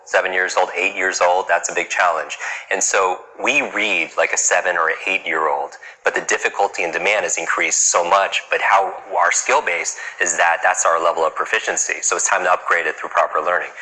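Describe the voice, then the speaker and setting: A man speaks in a deep register with a sharp, strongly bright edge. He coaches a live crowd on reading in a brisk, punchy style. He keeps throwing rhetorical questions at them. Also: fairly even intonation, poor audio. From New York. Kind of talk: motivational talk to a live audience.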